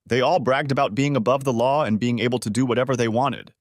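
A man narrating a first-person revenge story with a wry, expressive delivery. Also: mid-range voice, fast talker, no echo, studio quality.

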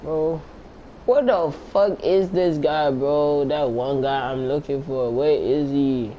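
A man's voice: fairly high pitch, slow pace, mellow, slight background noise, poor audio. A young man giving casual, slangy, profane commentary as he plays a video game, talking to himself between moves. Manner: slangy, profane, talks to himself while playing. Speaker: gameplay commentator.

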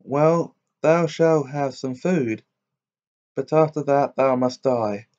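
A man's voice: mid-range voice, takes it slowly, a little mellow, muffled recording, natural voice. A man reading a fairy tale aloud, voicing an imperious robber captain who gives orders. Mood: commanding. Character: commanding male robber captain.

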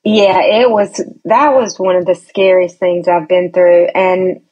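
A woman's voice: fairly low pitch, steady tone, unhurried, slightly rough. A woman telling a personal story as a podcast guest, chatty and hesitant, with many restarts. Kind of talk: casual storytelling chat. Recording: dull lo-fi recording.

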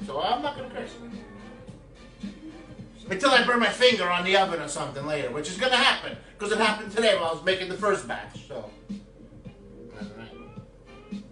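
In a home kitchen, a man hosts a casual cooking video, rambling and cracking crude jokes at viewers in a high-pitched, very animated, bright and forceful voice. He talks a little fast with long pauses, picked up from a distance by the camera in an echoey room with faint music playing in the home.

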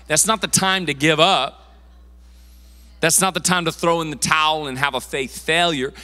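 A man's voice: a little high, steady tone, moderate pace, pushed and bright. A man preaching a sermon as pastor, in a casual, conversational way with everyday slang. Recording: long church hall reverb.

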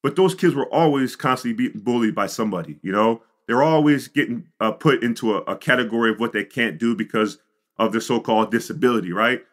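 A middle-aged man from the Chicago suburbs, a podcast guest telling his life story in an animated way, with frequent "you know" and "like". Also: mid-range voice, fairly quick. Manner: animated storyteller, acts out quotes. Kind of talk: storytelling interview.

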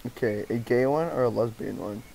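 A man's voice: medium pitch, a little fast, gravelly, warm tone, slight background noise, rough recording. A young man chatting with friends on a close mic, giggling and egging them on. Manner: giggly, eggs the others on. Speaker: streamer. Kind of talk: casual chat with friends. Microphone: mic too close.

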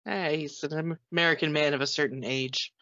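A man's voice: fairly high pitch, steady tone, a little fast, pushed and bright, no room sound. A man co-hosting a podcast while he has a cold, talking in a hesitant, good-humored way. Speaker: podcast co-host. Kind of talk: casual chat. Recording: dry, dull lo-fi sound.

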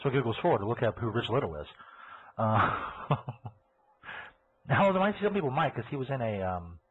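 A man's voice: medium pitch, very animated, moderate pace, breathy edge. A man hosting a live podcast, ranting crudely and sarcastically. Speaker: podcast host. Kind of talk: profane live podcast rant. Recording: tinny phone-like audio.

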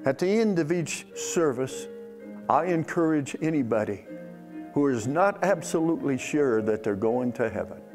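Soft music plays behind an animated male pastor preaching at normal speed. He calls for congregational replies, veering between loud, emphatic lines and quiet, low ones.

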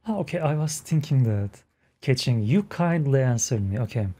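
A man hosting a reaction video, excited and laughing as he talks at the screen in casual commentary. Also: mid-range voice, moderate pace, husky. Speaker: reaction channel host.

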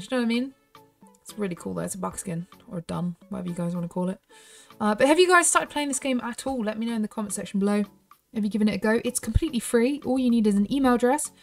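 A woman chatting casually as she plays a horse game, thinking aloud with giggly asides. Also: medium pitch. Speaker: gaming YouTuber. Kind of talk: casual gameplay commentary.

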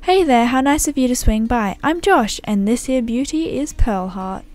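Casting: a folksy, welcoming cowboy ranch hand read by a woman, fairly high voice, game dialogue read aloud. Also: lively intonation, moderate pace, darkish tone, soft background music, natural voice. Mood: friendly. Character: friendly male Western ranch hand.

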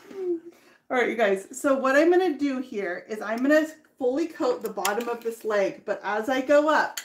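A woman's voice: fairly high pitch, a little hiss or hum. A woman hosting a live furniture painting demonstration in her workshop, explaining each step in a chatty way and laughing easily. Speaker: furniture painter and tutorial host.

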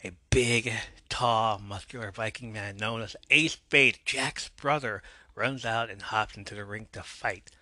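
A man's voice: lowish voice, fairly even intonation, unhurried, pushed and bright. Chatty man recapping a TV episode. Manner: chatty, with wry asides. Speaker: podcast host.

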